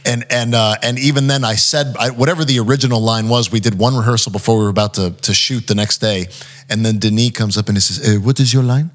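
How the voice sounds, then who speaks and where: A lower-pitched man talks through backstage stories in relaxed, casual chat. He keeps slipping into quick impressions of the people he quotes, padding his lines with fillers as he goes. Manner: animated, acts out quotes, frequent fillers. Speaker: podcast guest, actor.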